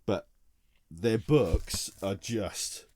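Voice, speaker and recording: A man's voice: fairly low pitch, extremely slow, a little mellow. A tired man, co-hosting a casual podcast chat and telling a rambling story full of restarts. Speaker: podcast co-host.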